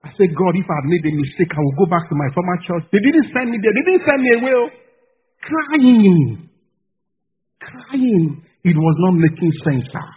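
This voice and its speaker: High husky Nigerian preacher, tinny sound. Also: male voice, animated, fairly quick, hardly any pauses. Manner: impassioned preaching with personal stories and pidgin asides. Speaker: pastor. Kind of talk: sermon. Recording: tinny phone-like recording.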